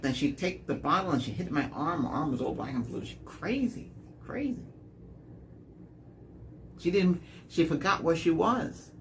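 A man rambling through his own dating stories in a casual monologue, repeating words and getting animated when he quotes people. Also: medium pitch, vocal fry, a little hiss or hum. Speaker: dating vlogger.

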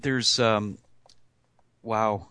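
A man answering interview questions as a podcast guest, pausing often with ums and restarts. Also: fairly low pitch, fairly even intonation, sharp tone, clean tone, dry recording. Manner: hesitant, many ums and restarts. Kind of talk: casual interview.

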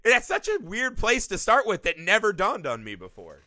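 A man co-hosting a casual podcast chat, animated and swearing freely as he riffs. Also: high-pitched, moderate pace, no room sound. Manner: animated, swears freely, jumps into shouted impressions. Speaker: podcast co-host. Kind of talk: casual chat about movies.

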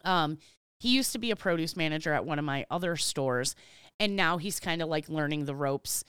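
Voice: medium pitch, fairly quick, clean tone, no echo, studio quality. A podcast co-host telling a work story in casual chat, acting out each exchange and venting with casual swearing. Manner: animated storyteller, acts out dialogue.

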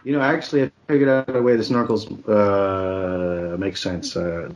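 A man's voice: on the low side, steady tone, moderate pace, dull audio, slight background noise. A man co-hosting a comedy podcast, with dry, self-deprecating humor. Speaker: podcast co-host.

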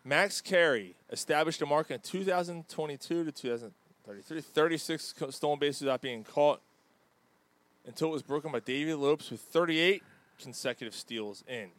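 A man's voice: on the high side, dry recording. Joking man hosting sports banter. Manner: animated, profane banter, quick to joke. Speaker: podcast host. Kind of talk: casual sports chat.

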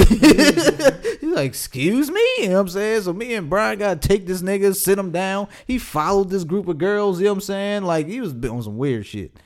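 A man's voice: high-pitched, animated, moderate pace, few pauses. A man in his late twenties telling a casual, profane story on a podcast and often laughing as he talks. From Pasadena area, California. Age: 20s. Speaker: podcast co-host.

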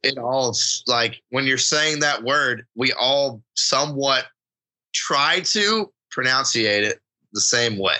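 A man talks in a loose, rambling way on a hunting podcast, acting out little quotes as he goes. His voice is very bright and forceful, at an ordinary middle pitch. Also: slow, low-quality recording. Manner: rambling, animated, acts out quotes. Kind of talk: casual chat about duck calling.

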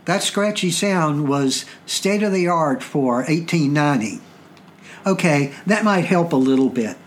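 A man from Virginia with a Southern accent, hosting a podcast and explaining things in a measured, deliberate way. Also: fairly high pitch, slight background noise. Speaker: podcast host.

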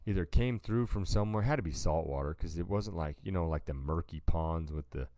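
A man's voice: deep voice, a little fast, warm tone, no room sound, clean studio sound. A man co-hosting a podcast, casually telling a rambling story and calling his listener "dude" a lot. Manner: laid-back, rambling, says "dude" a lot. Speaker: podcast co-host.

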